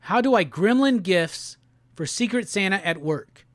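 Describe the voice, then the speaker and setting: High-pitched guy hosting a livestream, slow easygoing talk, loud music going behind him. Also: expressive, no room sound. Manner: reads viewer super chats aloud and jokes around. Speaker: livestream host. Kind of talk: casual livestream chat.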